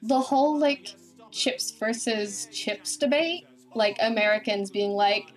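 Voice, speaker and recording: A woman's voice: fairly high pitch, slow, faint music behind. A woman with an Australian accent, a streamer chatting casually and rambling animatedly while she plays a game. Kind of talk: casual chat while gaming.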